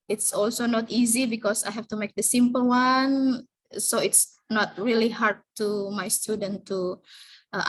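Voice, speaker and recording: A woman, an elementary English teacher, presenting her plans in an online class in a hesitant, halting way. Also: mid-range voice, fairly bright tone, rough recording. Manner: hesitant, halting, many fillers. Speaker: elementary school English teacher, student in training course.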